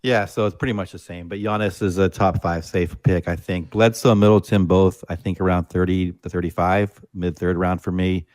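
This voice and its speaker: A man's voice: low voice, fairly even intonation, moderate pace, few pauses, darkish tone, dry recording. A man co-hosting a casual sports podcast, answering in brief, matter-of-fact remarks. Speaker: podcast co-host.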